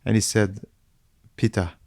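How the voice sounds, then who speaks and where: A man retelling a devotional story in short halting phrases, often restarting. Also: lowish voice, steady tone, darkish tone, no room sound, studio quality. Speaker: speaker at a devotional class in English. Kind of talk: retelling a sacred story in English.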